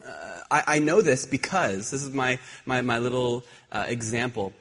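A man preaching a sermon, telling animated personal stories with many restarts and repeated words. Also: mid-range voice, normal speed. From Ireland. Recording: husky voice in a hall with long reverb.

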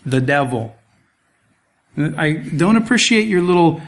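A man preaching an expository sermon, animated, with rhetorical questions and sarcastic asides, at times dropping to a soft low voice for emphasis. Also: measured pace. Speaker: pastor.

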